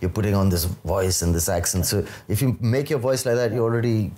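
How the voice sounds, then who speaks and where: A man's voice: lowish voice, fairly even intonation, a little fast, mellow. A man, a film actor, chatting as a guest in a casual interview, laid-back and thinking aloud as he talks.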